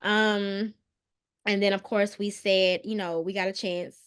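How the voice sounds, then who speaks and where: Brief: woman guest, mid-pitched, earnest and halting, lots of "um"s, goes quiet on hard moments. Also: little pitch movement, clear, resonant tone. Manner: earnest, hesitant, many "um"s and restarts; soft and subdued on painful details. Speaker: guest, mental health counselor. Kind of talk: personal storytelling in a podcast interview.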